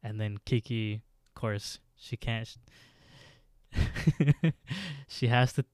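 A man's voice: medium pitch, slow, a little mellow, no echo, studio quality. A man co-hosting a podcast, retelling a story casually and laughing often. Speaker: podcast co-host. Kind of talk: casual recap chat.

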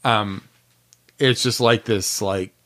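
A man co-hosting a podcast, chatting casually about music, laid-back and quick to laugh, with lots of filler words. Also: on the low side, steady tone, a bit bright. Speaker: podcast co-host.

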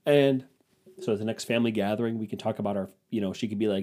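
Talking very fast in a lowish, dark voice with fairly even intonation, a young solo podcast host rambles through funny stories. His humor is crude and self-mocking.

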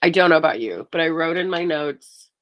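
A woman's voice: sits low, expressive, fairly quick, a bit bright. A woman co-hosting a podcast, chatting animatedly and wryly about a film, laughing often. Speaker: podcast co-host. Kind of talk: casual film recap chat.

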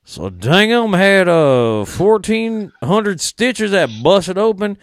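A man's voice: sits high, animated, slow pace, dry recording, studio quality, pitched above the performer's own voice, full character voice. A man doing a rowdy, drawling Southern wrestler. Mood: boastful. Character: rowdy Southern male wrestler showing off a wound.

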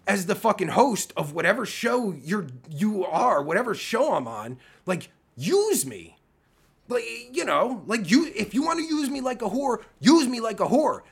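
A man's voice: high-pitched, creaky, a bit bright, breathy edge. A man ranting angrily on a live stream, swearing constantly and restarting his sentences. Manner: profane, heated, stammering restarts. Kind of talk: angry rant on a live stream.

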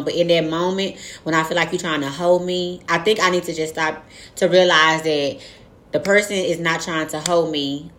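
Young woman, low voice, blunt and profane, animated candid talk. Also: moderate pace. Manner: frank, profane, animated storytelling with acted-out quotes. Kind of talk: casual candid chat.

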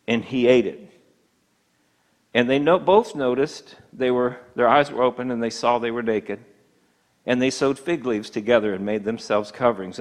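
A man preaching a sermon, slowing down for key points and briefly acting out the voices of tempters in an emphatic style. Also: mid-range voice.

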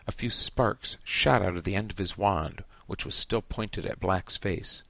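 A man hosting a podcast, discussing a book casually with emphatic, halting speech and many restarts. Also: low voice, creaky, fairly bright tone, dry recording. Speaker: podcast host.

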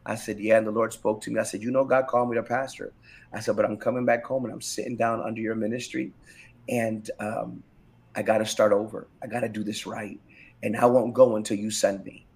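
Here a middle-aged pastor with a lowish voice talks briskly through his personal testimony. It's a candid interview, delivered with animation and emphasis, with phrases often repeated for weight.

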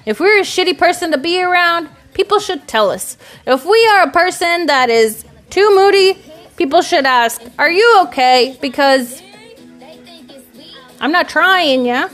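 A woman's voice: very high voice, lively intonation, a little slow, fairly bright tone. A woman talking to camera in a casual, rambling vlog monologue, candid and profane, reflecting on herself. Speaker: vlogger. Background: faint music.

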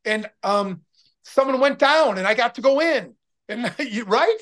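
A man's voice: extremely high pitch, expressive, measured pace, a bit bright. A man in his sixties, a former pro football player, telling stories as a guest in a casual interview in an upbeat, motivational, rambling way with many restarts.

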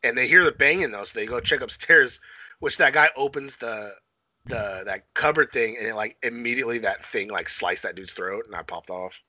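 A man's voice: medium pitch, moderate pace, sharp tone, no echo, dull audio. A man casually recapping a film on a podcast, rambling and swearing, often acting out quotes and laughing. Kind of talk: casual chat.

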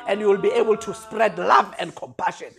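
A preacher gives a sermon full of repeated refrains, moving from quiet lines up to shouted peaks. His mid-range voice is creaky and runs a little fast.

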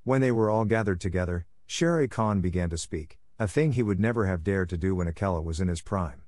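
A man narrating a classic story in a measured, storytelling manner. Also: deep voice, a little mellow. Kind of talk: audiobook reading.

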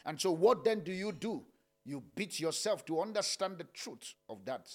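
A man preaching a sermon, swinging between loud calls and soft, low murmurs, with frequent "uh" fillers. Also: expressive, normal speed. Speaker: pastor.

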